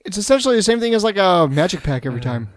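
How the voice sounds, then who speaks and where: A man with a somewhat high voice tossing out teasing quips on a podcast. He delivers them in a mock-serious tone. The sound is close and dry. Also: big pitch swings, very fast, no echo. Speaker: podcast co-host. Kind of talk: casual chat.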